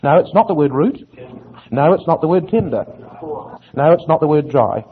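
Earnest preacher, high husky voice, sermon, tinny lo-fi recording. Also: male voice, lively intonation, normal speed, slight background noise. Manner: earnest, asks rhetorical questions. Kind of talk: sermon, Bible exposition. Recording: tinny phone-like audio.

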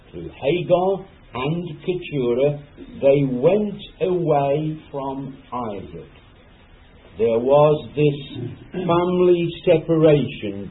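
Man, preacher, sermon, slow, animated pitch, rhetorical questions, lo-fi phone-like sound. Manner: addresses listeners as brethren and sisters, rhetorical asides. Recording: phone-like lo-fi recording.

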